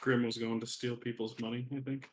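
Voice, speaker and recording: A man's voice: mid-range voice, level tone, a little fast, echoey room. A man playing a tabletop game, laid-back and joking as he lists his gear. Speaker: player. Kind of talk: casual tabletop chat.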